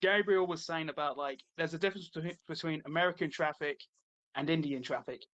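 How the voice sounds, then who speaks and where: A British man with a fairly high voice, talking in loose, animated podcast banter. He jokes constantly, breaks into laughter, and keeps the chat rolling. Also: a little fast, muffled recording. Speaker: podcast co-host. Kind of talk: casual chat.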